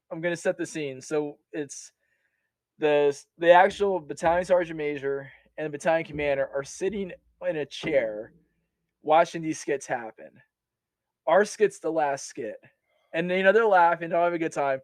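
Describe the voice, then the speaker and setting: A man telling stories from his army service in a casual, animated way, laughing often and restarting his sentences. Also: on the high side, no room sound. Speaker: podcast guest, army veteran. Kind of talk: casual storytelling.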